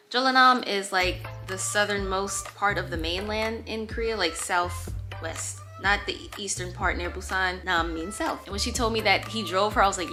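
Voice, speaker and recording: A young woman telling a dating story in a casual, animated way, acting out the quotes and swearing freely. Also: mid-range voice. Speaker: storytime vlogger.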